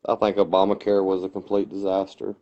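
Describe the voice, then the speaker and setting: On a casual podcast, this male co-host speaks in a deep voice, a little fast, and the sound is lo-fi. He chats and recounts debate moments with animated eagerness, stumbling through lots of fillers and restarts.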